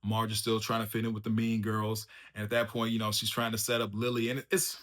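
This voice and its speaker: A man hosting a casual spoiler review of a TV show, excitable and slangy, laughing often as he recaps. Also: on the low side, a little fast. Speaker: TV review channel host.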